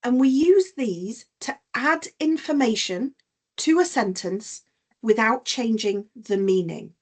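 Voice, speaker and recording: A woman teaching a business-English class online, her voice sitting a little high and her delivery slow and unhurried. She explains each point patiently and stops to give examples, and the sound comes through a video call. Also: lively intonation. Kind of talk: online punctuation lesson.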